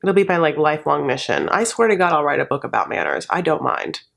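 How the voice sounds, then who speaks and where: A woman's voice: low-pitched, very animated, fast, gravelly, a bit bright. A woman giving a sassy, casual comedic recap of a reality show, swearing freely and slipping into quoted voices.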